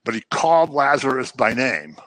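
A man's voice: medium pitch, sing-song, moderate pace, a bit bright, no echo. A man teaching the Bible in a conversational way, telling the stories and acting out the people he quotes. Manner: informal, with fillers and restarts. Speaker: preacher.

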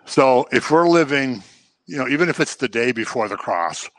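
A man's voice: mid-range voice, animated, moderate pace, a bit bright. A man giving a conversational sermon as a pastor, acting out everyday examples to make his points. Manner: conversational teaching with acted-out examples.

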